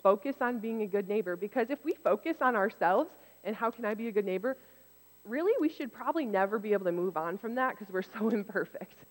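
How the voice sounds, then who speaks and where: A woman giving a casual, conversational sermon, turning lively when she acts out what others said. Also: medium pitch, fast talker. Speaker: preacher. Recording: long reverb in a hall.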